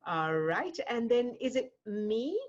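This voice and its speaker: A woman's voice: a little high, lo-fi sound. A woman from the UK leading a group session over a video call, encouraging people and thanking them often. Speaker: host, session leader.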